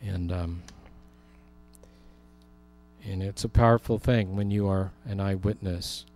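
A man's voice: deep voice, fairly even intonation, slow pace, darkish tone. A man preaching a Bible teaching sermon in a conversational way, with humorous asides. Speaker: pastor.

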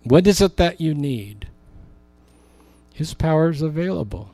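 A man's voice: medium pitch, darkish tone, no room sound. Impassioned male preacher, dry sound. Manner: impassioned preaching, rising for emphasis, slowing on key words. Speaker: pastor. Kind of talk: sermon.

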